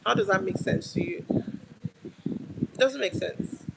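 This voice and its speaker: A woman's voice: on the high side, big pitch swings, a little slow, gravelly, very noisy. A young Nigerian woman with a Nigerian accent, ranting on a live stream in an emphatic, argumentative way and hammering her points home. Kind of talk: heated live-stream rant.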